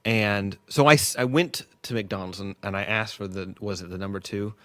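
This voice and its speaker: A man's voice: fairly low pitch, normal speed, few pauses, fairly bright tone, no echo. A man rambling casually as host of a test livestream at work, joking and losing his train of thought. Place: workplace.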